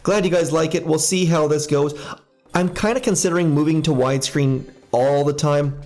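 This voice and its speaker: A man's voice: a little high, moderate pace, a little mellow, faint music behind. A man hosting a casual live stream, chatting upbeat and thinking aloud while he plays. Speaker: game streamer.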